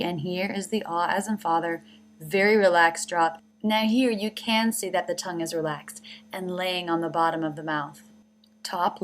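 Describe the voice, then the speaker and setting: Speaking on the low side, with a little hiss or hum in the recording, a woman teaches pronunciation through scripted narration. Her delivery is careful, and she demonstrates each sound in turn.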